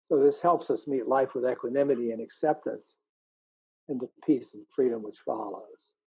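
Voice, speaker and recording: A man giving a calm, measured dharma talk as a meditation teacher over a video call. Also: medium pitch, creaky, husky, no room sound. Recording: muffled video call audio.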